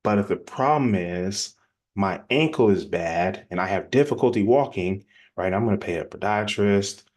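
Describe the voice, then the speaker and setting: A man giving a casual, energetic sales-coaching presentation in a plainspoken, conversational way. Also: lowish voice. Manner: energetic, acts out quick example dialogues. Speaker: business coach.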